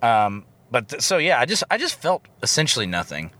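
A man co-hosting a podcast, reviewing a movie in casual chat with a sarcastic, animated manner. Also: medium pitch. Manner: sarcastic, animated, quick asides. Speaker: podcast co-host.

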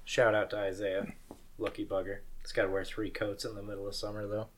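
A man's voice: on the low side, little pitch movement, brisk, slight background noise. A young adult man co-hosting a podcast in casual chat, playful and laughing often. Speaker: podcast co-host.

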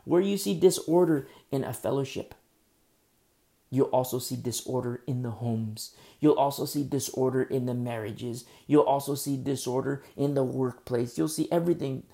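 Male pastor, sermon, gravelly voice, mellow dark tone, emphatic rhetorical questions. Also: mid-range voice, normal speed.

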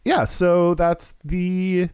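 A man's voice: high voice, level tone, very slow, darkish tone, clean tone, dry recording. A man from Houston co-hosting a casual podcast, rambling with lots of fillers and self-mocking asides. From Houston, Texas. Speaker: podcast co-host. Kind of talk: casual chat.

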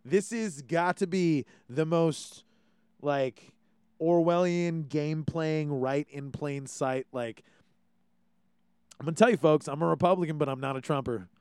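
A man's voice: fairly high pitch, measured pace, darkish tone, smooth, no echo. A man from Hawaii hosting a podcast, ranting casually and swearing freely as he acts out quotes. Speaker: podcast host. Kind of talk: casual opinion chat.

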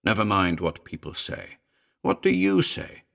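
A man voicing an eager gentleman house buyer who presses quietly and intensely for a ghost story. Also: fairly low pitch, wildly swooping pitch, a little slow, vocal fry, full character voice. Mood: pressing.

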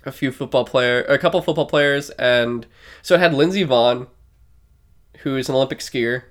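A man's voice: medium pitch, moderate pace. A man co-hosting a podcast in casual chat, rambling loosely with plenty of fillers and swearing. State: short of breath. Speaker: podcast co-host.

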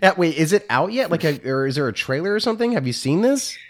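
A man as a podcast guest, talking casually and excitedly, swearing and filling pauses with ums. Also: a little high. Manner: animated, laughing, swears, many fillers.

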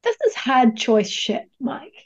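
A woman's voice: a little high, sing-song, takes it slowly, lo-fi sound. A woman with a New Zealand accent, speaking frankly and expressively as a podcast guest and coach, with some casual swearing. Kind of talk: candid podcast conversation.

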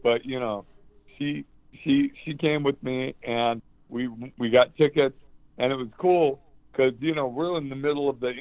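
A man telling a rambling story as a guest, excitable and swearing often, over a call line. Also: mid-range voice, normal speed, no echo. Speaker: guest musician. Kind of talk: casual storytelling. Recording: tinny phone-like line, dry.

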